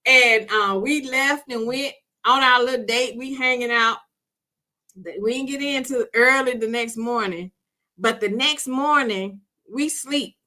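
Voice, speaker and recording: A middle-aged woman hosting a podcast, telling a personal story in an animated, chatty way, laughing often and calling the listener "girl". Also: a little high, a little slow. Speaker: podcast host. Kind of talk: casual storytelling to women listeners.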